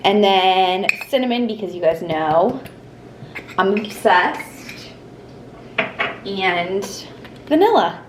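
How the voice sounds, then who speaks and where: A woman's voice: medium pitch, expressive, takes it slowly, long pauses. A young woman vlogging casually in her home kitchen, chatty and rambling with many fillers. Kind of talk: casual kitchen vlog chat. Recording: noisy home recording.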